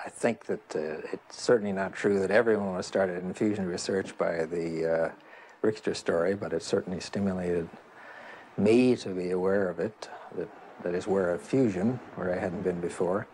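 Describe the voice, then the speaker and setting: A man interviewed as a researcher in a documentary, speaking hesitantly and thoughtfully with pauses. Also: sits low, steady tone, a little mellow, slight background noise.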